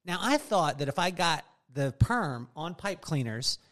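A man's voice: fairly high pitch, sing-song, a little slow, a bit bright. A middle-aged man hosting a podcast in casual chat, telling jokey stories and laughing often. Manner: joking storyteller, laughs often. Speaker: podcast host.

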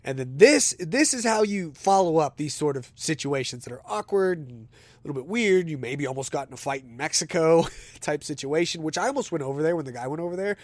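A man hosting a podcast, telling a story in a casual, animated way and acting out the dialogue with some indignation. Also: a little high, a little fast, no echo. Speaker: podcast host.

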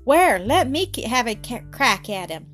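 A woman's voice: fairly high pitch, very animated, normal speed, a bit bright, soft background music. A woman voicing a pale, thin boy visiting from the city in a storybook reading. He sounds bold and eager and stumbles over his words. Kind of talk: storybook character voice.

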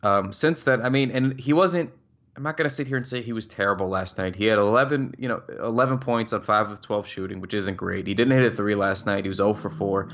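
A man's voice: fairly low pitch, brisk, fairly bright tone, highs cut off. A young man co-hosting a podcast, ranting heatedly in casual sports talk and swearing freely. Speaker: podcast co-host.

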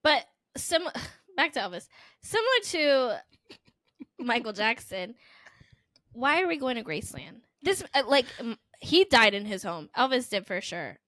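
A woman co-hosting a podcast, talking in a blunt, joking, animated way. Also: fairly high pitch, unhurried, no echo, clean studio sound. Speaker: podcast co-host. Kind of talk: casual chat.

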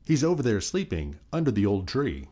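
A man's voice: lowish voice, sing-song, brisk, dark tone, pitched above the performer's own voice. Man doing a helpful kite-flying child.

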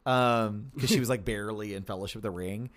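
A man's voice: fairly low pitch, a little fast, a bit bright. A man co-hosting a podcast in casual chat, talking in a chatty way full of filler words. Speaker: podcast co-host.

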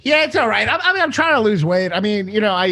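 A man talking in a self-deprecating, animated way in casual podcast chat, stumbling over restarts. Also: sits high, fast.

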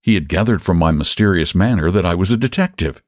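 A man hosts a podcast and narrates a short story in an expressive way. His voice is fairly low but swings widely in pitch. The recording is close and dry. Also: fast, dry recording. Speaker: podcast host and story reader. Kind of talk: audiobook-style story narration.

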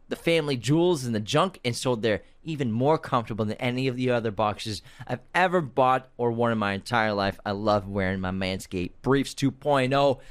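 Brief: young male co-host, teasing banter, animated intonation. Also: medium pitch. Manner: joking, playful banter. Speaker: podcast co-host. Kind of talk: casual chat with ad reads.

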